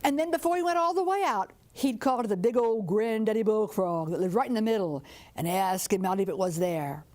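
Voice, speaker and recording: An older woman from southern Indiana, telling a folktale in a lively, expressive way. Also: medium pitch, fairly quick. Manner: lively, expressive, audience-engaging. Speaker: storyteller.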